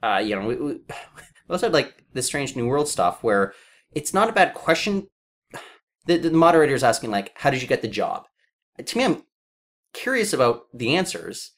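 A man's voice: mid-range voice, big pitch swings, moderate pace, fairly bright tone. A man co-hosting a casual discussion, opinionated and talking with frequent fillers. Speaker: podcast co-host.

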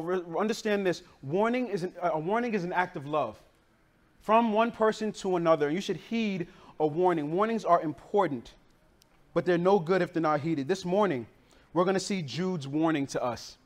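A man preaching a sermon, telling a childhood story in a casual, slangy, animated way, originally from the northern United States. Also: high voice. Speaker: pastor.

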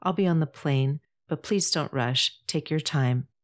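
A woman's voice: deep voice, a little slow. A woman voicing a poised woman who speaks politely but cuttingly. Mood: hurt. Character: poised woman, sweet but sharp-tongued.

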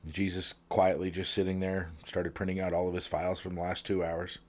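Low-voiced man telling jokes. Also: little pitch movement, fairly quick. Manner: playful, jumps pitch for quoted characters. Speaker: podcast co-host telling jokes. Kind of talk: casual joke telling.

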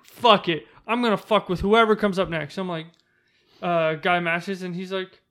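Man, high bright voice, animated casual storyteller acting out quotes. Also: normal speed. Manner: animated, acts out quotes in raised voice.

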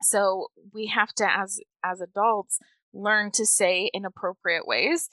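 A woman, a mother hosting a casual podcast chat, emotional and quick to laugh as she retells conversations. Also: mid-range voice, fairly even intonation, dry recording. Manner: warm, emotional, laughs often, retells dialogue.

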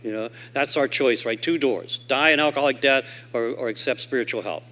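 Man telling an animated recovery story. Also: brisk. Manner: animated storyteller who acts out quoted voices; swings from loud and emphatic to low and quiet. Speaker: convention speaker. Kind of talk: recovery story told to a convention audience. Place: convention hall stage.

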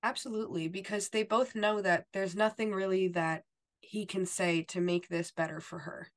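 A woman's voice: medium pitch, fairly even intonation, normal speed. A woman co-hosting a podcast, talking casually and emphatically, with lots of "like" and "you know". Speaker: podcast co-host. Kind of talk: casual chat recapping a TV episode.

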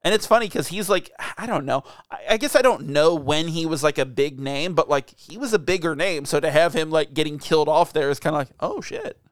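A man's voice: on the high side, fairly quick, hardly any pauses, dry recording, clean studio sound. A man co-hosting a casual movie review podcast, rambling with lots of fillers and laughs. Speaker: podcast co-host.

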